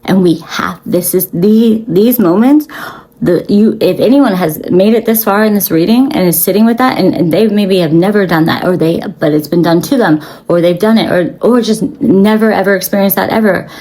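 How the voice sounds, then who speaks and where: Young woman doing a spiritual reading, swears a lot, gravelly and mellow, kinda preachy. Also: mid-range voice, normal speed, rough recording. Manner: blunt, profane and preachy, with many fillers. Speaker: spiritual reader. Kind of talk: casual spiritual talk to viewers.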